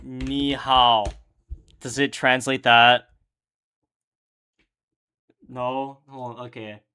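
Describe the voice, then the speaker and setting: A man's voice: mid-range voice, level tone, extremely slow, pushed and bright, clean tone. A young man streaming casually, swearing and joking as he answers chat questions while editing his videos. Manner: loose, profane, joking.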